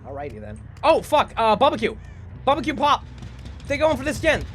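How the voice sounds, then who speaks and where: Lively, swearing game streamer. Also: high-pitched, a little fast, heavy background noise. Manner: chatty, swears a lot, self-mocking. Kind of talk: casual live-stream gaming commentary.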